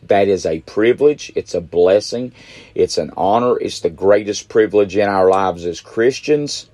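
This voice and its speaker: A man's voice: lowish voice, moderate pace, darkish tone, dry recording. A middle-aged man preaching a midweek sermon, emphatic and repeating phrases for stress.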